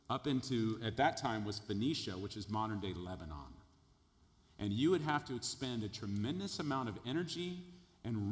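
An emphatic male pastor preaches a sermon, his voice sitting a little high for a man. He builds his points to loud peaks, and a long reverb hangs behind every phrase as in a large sanctuary. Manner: emphatic, builds in volume, repeats words.

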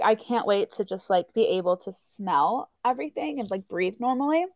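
A woman co-hosting a podcast, talking in a relaxed, emphatic, plain-spoken way. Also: fairly high pitch, smooth, no echo, studio quality. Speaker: podcast co-host. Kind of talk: casual chat.

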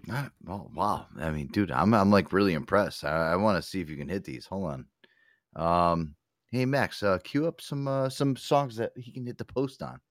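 A man's voice: sits low, moderate pace, no room sound, studio quality. A man hosting a casual live talk show, joking, swearing and slipping into a mock radio DJ patter. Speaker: host.

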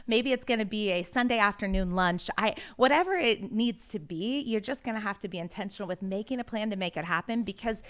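Encouraging woman pastor, steady and agreeable. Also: medium pitch, a little fast, hardly any pauses. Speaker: pastor and podcast co-host. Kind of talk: casual podcast chat.

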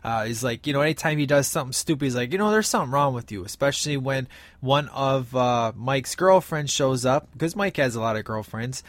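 A man's voice: mid-range voice, brisk, no echo. A man casually recapping his favorite film scenes, enthusiastic and rambling with many fillers. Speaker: film reviewer.

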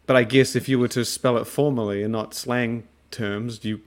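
A man's voice: medium pitch, steady tone, normal speed. A man with an Australian accent chatting casually on a podcast, joking, swearing and acting out quotes. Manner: swearing, jokey, acts out quotes. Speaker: podcast co-host.

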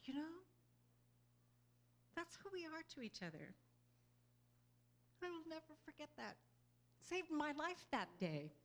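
A woman's voice: high-pitched, big pitch swings, a little slow, pauses often. A woman giving an inspirational talk to a group, earnest and conversational, often checking in with her listeners and laughing easily. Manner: earnest and conversational, often asking "you know?"; laughs easily between thoughts. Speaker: spiritual speaker.

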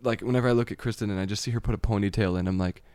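A man's voice: on the low side, steady tone, very fast, darkish tone, no room sound. A man talking in casual, rambling chat, swearing freely and laughing at his own points.

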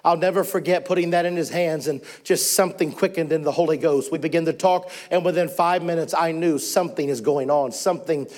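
High-voiced man preaching with fervent storytelling. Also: a little fast, hardly any pauses, a little mellow. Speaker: missionary preacher. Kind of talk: sermon.

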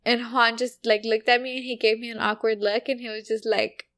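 A woman's voice: fairly high pitch, little pitch movement, fairly quick, fairly bright tone. A young woman casually telling a personal story, chatty and full of fillers, acting out what people said. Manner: chatty, full of "like" fillers, acts out quoted lines.

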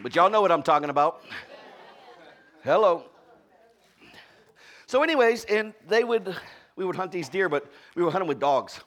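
A male pastor from Florida with a Southern accent, preaching a sermon. He calls out to the congregation and moves from shouted peaks to quiet, low storytelling. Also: expressive, normal speed, long pauses, a faint crowd. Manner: call-and-response, often asking "are y'all with me".

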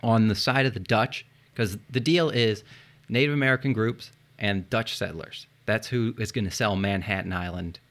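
A man's voice: lowish voice, moderate pace. A man hosting a casual history podcast, explaining events with jokes and swearing, spelling tricky names aloud. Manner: joking, swears, spells words out loud. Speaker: podcast host telling history.

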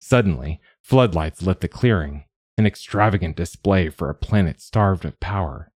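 Deep, husky male audiobook narrator. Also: moderate pace, darkish tone, no echo, studio quality. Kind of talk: scripted first-person narration.

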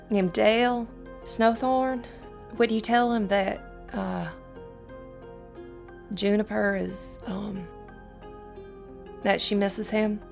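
Hesitant woman with a creaky voice. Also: fairly high pitch. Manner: hesitant, halting, full of pauses. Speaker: player. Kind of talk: tabletop role-play.

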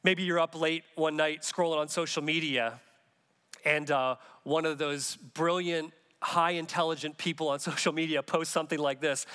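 A man's voice: on the high side, fairly even intonation, normal speed, sharp tone, smooth. A man preaching as a pastor in an earnest, conversational sermon, acting out the voices he quotes.

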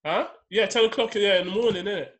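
A man's voice: high voice, fast talker, a bit bright. A young man telling a rambling, slangy story in a casual chat among friends.

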